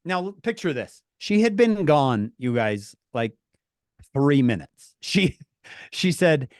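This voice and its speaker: A man telling a story to his viewers, animated and laughing through his words, calling on chat by name. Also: fairly high pitch, slow pace, no room sound, studio quality. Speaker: streamer talking to viewers. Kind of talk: casual storytelling.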